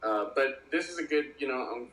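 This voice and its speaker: A man's voice: medium pitch, lively intonation, a little fast, a bit bright, roomy sound, rough recording. A man co-hosting a casual chat, agreeable, chiming in with frequent mm-hmms. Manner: agreeable, lots of backchannel mm-hmms. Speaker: podcast co-host.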